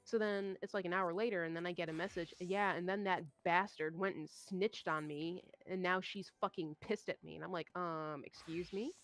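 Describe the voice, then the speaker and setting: A young woman streamer telling a story in casual chat, animated and swearing, acting out what others said. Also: on the low side, normal speed, hardly any pauses, faint music behind. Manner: animated, swearing, acts out quoted voices.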